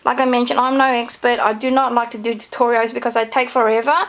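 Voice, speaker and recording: A woman's voice: fairly high pitch, flat delivery, fast talker, fairly bright tone. A woman explaining sewing steps in a casual, chatty home tutorial, gushing over her handmade dolls. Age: adult with children. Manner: chatty and gushing, with many fillers. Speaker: craft tutorial maker.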